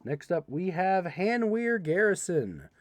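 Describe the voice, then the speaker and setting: A young man hosts a live card-opening stream, rattling through card text and tossing playful asides to his viewers. His voice swings widely in pitch and sits a little higher than most men's. The sound is close and dry, with no room echo. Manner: animated, reads card text quickly, playful asides to chat. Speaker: livestream host opening card packs. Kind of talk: casual livestream commentary.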